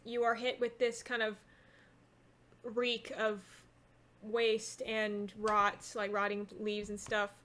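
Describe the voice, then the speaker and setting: Slow, rambling woman game master. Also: medium pitch, completely flat delivery, pushed and bright. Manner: rambling, loose descriptions with many fillers. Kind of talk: narrating a tabletop game. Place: home.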